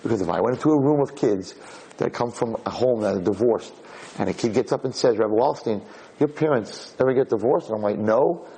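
A man's voice: lowish voice, animated, a little fast, warm tone, husky, low-quality recording. A man, a rabbi, giving a storytelling Torah lecture and acting out the dialogue with animation.

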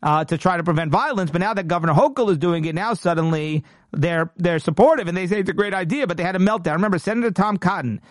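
A man's voice: sits high, fast talker, no echo, clean studio sound. A man hosting a political commentary show, talking emphatically and indignantly and often restarting his sentences.

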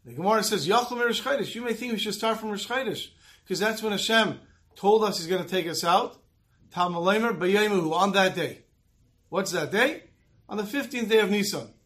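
A man with a fairly high voice gives a Torah lesson as a storyteller. He jumps into the voices of the people in his stories, raising and dropping his voice as he goes. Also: a little fast. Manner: animated storyteller acting out quotes. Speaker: Torah teacher.

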